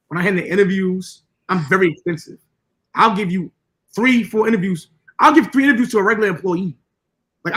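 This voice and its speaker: Podcast co-host, man, high bright voice, blunt and preachy with lots of swearing. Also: rough recording. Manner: blunt, profane, lecturing. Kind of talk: casual podcast talk.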